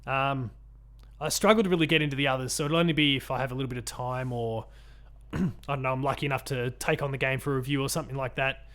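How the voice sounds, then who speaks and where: A man's voice: mid-range voice, fairly even intonation, fast talker, a bit bright. Rambling man co-hosting a podcast. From Australia. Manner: rambling, lots of ums and restarts, laughs often. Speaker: podcast co-host. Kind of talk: casual chat.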